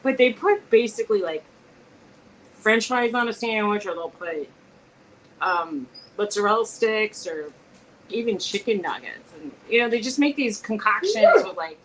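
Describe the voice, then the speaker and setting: A woman co-hosting a casual live-stream chat, telling stories with lively quoted dialogue. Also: medium pitch, moderate pace, a little hiss or hum, poor audio. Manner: chatty, animated storytelling with quoted dialogue. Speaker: co-host. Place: home.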